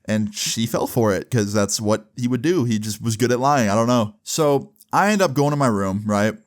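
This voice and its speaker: A man's voice: mid-range voice, moderate pace. A young man casually telling a story to camera, exasperated and swearing freely. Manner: profane, exasperated retelling. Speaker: storytelling vlogger.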